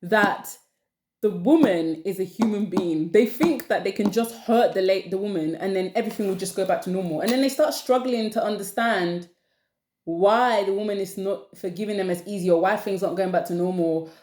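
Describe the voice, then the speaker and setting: A young woman, hosting a casual opinion chat and ranting in an exasperated, animated way. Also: medium pitch, normal speed. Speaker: channel host. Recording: echoey room.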